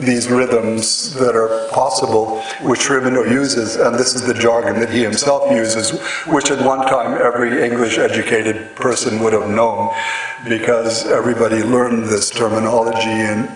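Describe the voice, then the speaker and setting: A man giving a lecture on poetic meter, speaking slowly and haltingly with many fillers and restarts. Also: medium pitch. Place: large hall with an audience. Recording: echoey hall, mic at a distance, audience noise.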